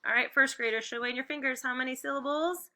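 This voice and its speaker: Bright-voiced woman teacher leading phonics drills. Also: sits high, steady tone. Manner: slow, clearly enunciated drill prompts; encouraging, upbeat praise. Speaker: first-grade teacher. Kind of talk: phonics lesson video for students at home.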